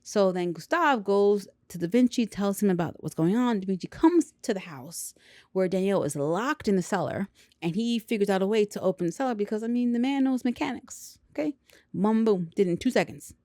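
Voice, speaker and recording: A woman casually recapping a film with lots of slang and quick acted-out character lines. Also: medium pitch, expressive, darkish tone, dry recording, clean studio sound. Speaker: movie reviewer.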